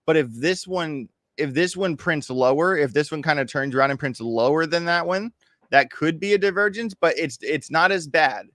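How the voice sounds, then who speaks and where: A man's voice: fairly high pitch, moderate pace, a bit bright, no room sound, studio quality. A man hosting a casual crypto trading livestream, walking viewers through charts in a chatty, hyped, joking way. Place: home, in Miami.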